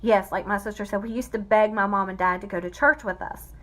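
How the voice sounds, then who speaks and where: A woman's voice: medium pitch, steady tone, fairly quick. A woman giving an emotional personal testimony, fighting back tears as she speaks. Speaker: vlogger telling a family story.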